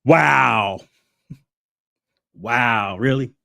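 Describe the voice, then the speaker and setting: A man's voice: mid-range voice, drawn-out words, creaky, pushed and bright, dry recording, clean studio sound. A man hosting a casual livestream, venting in a heated, sarcastic, profane way, often laughing between remarks. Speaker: channel host.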